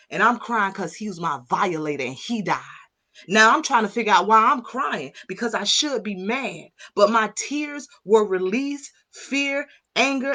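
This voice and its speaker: A woman's voice: fairly high pitch, pushed and bright. A middle-aged woman, a mindset coach, speaking with impassioned, preacher-like fervor and calling out to her listeners. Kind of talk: motivational talk to viewers.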